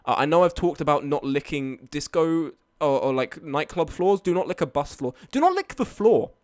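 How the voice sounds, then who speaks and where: A man's voice: on the high side, moderate pace. A young man telling a rambling story to his stream chat, swearing and laughing along the way. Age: young adult. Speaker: live streamer.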